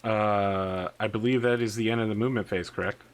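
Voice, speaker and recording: A man's voice: on the low side, steady tone, a little fast, clean tone. A man narrating and running a tabletop wargame as game master, laid-back and thinking aloud.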